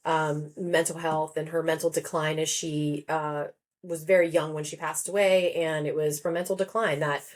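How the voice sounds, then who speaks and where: A woman psychotherapist and author, talking in an animated, emphatic way in a podcast interview and laughing often. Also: fairly low pitch.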